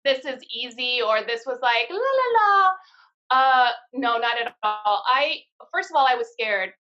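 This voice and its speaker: A woman's voice: fairly high pitch, moderate pace, bright, forceful tone, a little hiss or hum. A woman in her thirties, a guest on a casual live-stream interview, telling her story candidly and swearing often. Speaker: guest, card-deck founder. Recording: dull lo-fi live-stream audio.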